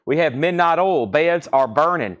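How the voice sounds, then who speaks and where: A man with a Southern US accent hosts a live-streamed record sale. His voice sits a little high for a man. He chats and rambles as he calls out titles and starting prices. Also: animated, moderate pace, a bit bright. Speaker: live auction host. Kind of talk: live-stream sales patter.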